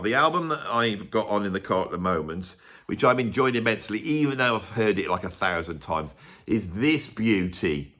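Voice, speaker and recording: A music vlogger with a lowish voice rants casually to camera, full of opinions and sarcasm. He swings from loud outbursts to muttered asides.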